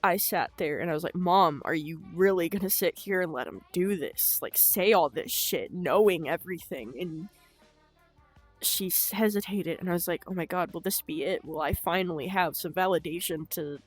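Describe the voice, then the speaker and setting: A young woman telling her own story in an unscripted vlog, halting and emotional, with frequent swearing. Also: on the low side, slightly rough, faint music behind. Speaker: vlogger.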